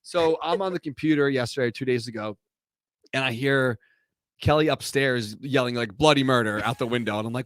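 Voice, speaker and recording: A man's voice: mid-range voice, a little fast, a bit bright, no echo, studio quality. A man hosting a casual podcast chat, telling rambling stories that keep interrupting themselves. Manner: rambling storyteller, self-interrupting. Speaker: podcast host. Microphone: studio microphone.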